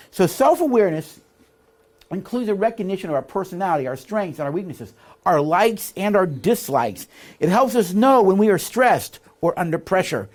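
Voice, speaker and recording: A man teaching a leadership course, explaining ideas, reading passages from the text and checking in with his listeners. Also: high-pitched. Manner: animated, asks the audience for agreement with "all right?" and "see?". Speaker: leadership instructor. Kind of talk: recorded teaching lecture.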